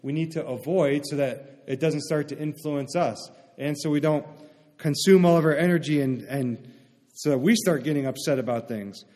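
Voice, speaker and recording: A man preaching in a relaxed, conversational way, with a voice that sits a little high for a man. He often pauses to ask his listeners "right?". His voice rings out into a long hall reverb. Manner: conversational, asks the congregation "right?". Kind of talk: sermon.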